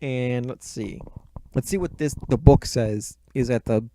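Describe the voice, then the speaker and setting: A man's voice: medium pitch, measured pace, warm tone, slight background noise. A man giving a casual recap of a book and movie, swearing constantly with sardonic, rambling asides.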